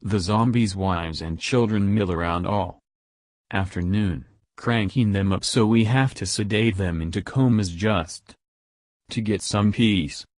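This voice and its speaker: A grumbling, crooked boss in his forties, as a male narrator plays him in an audiobook, griping about everything. The low voice is close and dry. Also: measured pace, no room sound, natural voice. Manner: grumbling, complaining.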